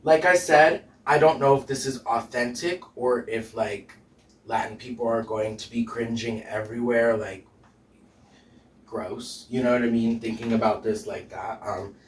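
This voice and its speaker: A man's voice: medium pitch, fairly even intonation, unhurried, recorded from a distance. A man, a drag queen hosting a home cooking show, chatting casually and sassily with frequent laughs while cooking. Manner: chatty, sassy, laughs often. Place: home kitchen. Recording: echoey room, off-mic.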